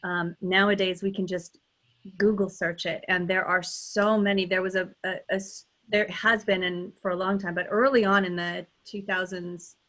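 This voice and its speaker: A woman's voice: fairly low pitch, level tone, moderate pace, a bit bright. Woman, dialect coach, candid and thoughtful on a video call, full of fillers and restarts. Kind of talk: interview answers on a video call.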